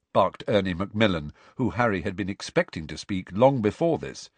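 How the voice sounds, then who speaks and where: A man's voice: on the low side, lively intonation, moderate pace, husky, no room sound. A man reading an audiobook aloud, voicing every character expressively. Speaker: audiobook narrator. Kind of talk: audiobook narration.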